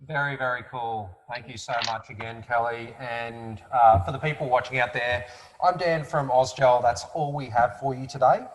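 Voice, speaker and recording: A man's voice: medium pitch, steady tone, normal speed, a little hiss or hum, rough recording. A man, hosting a casual interview in a friendly, upbeat way with many "ums". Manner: friendly, upbeat, filler-heavy. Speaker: podcast host.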